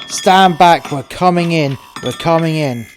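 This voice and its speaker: A man's voice: on the high side, measured pace, pitched above the performer's own voice, close to an everyday voice. A man voicing an aggressive armed police officer who barks sweary commands, over a noisy recording. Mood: commanding.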